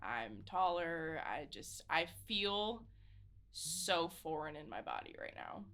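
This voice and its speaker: Woman player, slow and thoughtful, lowish bright voice. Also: sing-song. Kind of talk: tabletop play.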